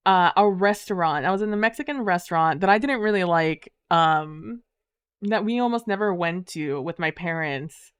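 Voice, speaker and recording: A woman chatting casually on a livestream, her voice smooth and clear. The sound is dry and close, with no room around it. She swears freely, speaks in quick, heated bursts and leans on "um" and "like". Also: medium pitch, a bit bright, dry recording. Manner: frequent fillers like "um" and "like". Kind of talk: casual storytelling to a live chat.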